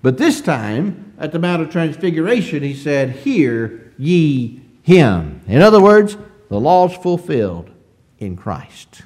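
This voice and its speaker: Slow, lively-pitched male preacher. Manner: emphatic, drawn-out preaching cadence with sudden swells; clears throat often. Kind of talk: sermon.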